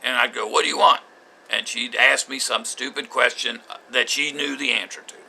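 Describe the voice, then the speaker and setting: Gravelly, forceful older man. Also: mid-range voice, fairly even intonation, a little hiss or hum. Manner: bitter, halting, with frequent restarts. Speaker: vlogger recounting his marriage. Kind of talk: personal spoken journal.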